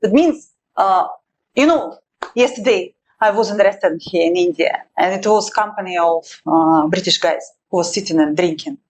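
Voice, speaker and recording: A woman from Russia, a war correspondent, answering interview questions in halting non-native English with a Russian accent and firm emphasis. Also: on the low side, darkish tone, slight background noise, low-quality recording.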